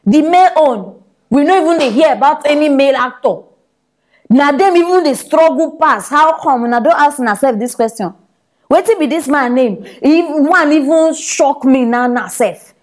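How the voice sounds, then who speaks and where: A woman with a high voice delivers comedy gossip news in a Nigerian Pidgin accent. She teases and scolds her audience and laughs often as she talks. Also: animated, moderate pace. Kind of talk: gossip commentary.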